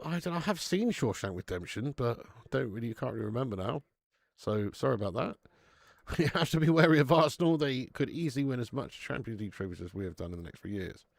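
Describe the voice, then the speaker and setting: A man's voice: mid-range voice, big pitch swings, brisk, gravelly, dry recording. Male streamer, casual and chatty, laughs easily, swears, dry close sound. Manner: reads out viewer messages. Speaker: host of a live football watch-along. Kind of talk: casual live stream chat.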